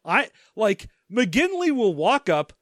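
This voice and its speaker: A man's voice: high-pitched, sing-song, takes it slowly, fairly bright tone, no room sound, studio quality. A man co-hosting a casual movie-review chat, wry and joking, laughing along. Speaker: podcast co-host.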